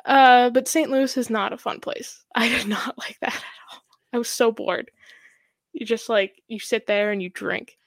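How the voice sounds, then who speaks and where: A woman's voice: fairly high pitch, steady tone, moderate pace, no room sound, clean studio sound. A young woman in her twenties, a hockey goaltender guest, chatting casually with many fillers and laughs. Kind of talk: casual podcast chat.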